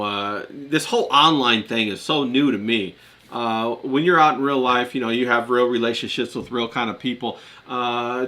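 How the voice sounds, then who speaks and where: A man's voice: medium pitch, sharp tone. A man hosting a casual interview, asking long, meandering questions full of fillers and laughing easily. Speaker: host.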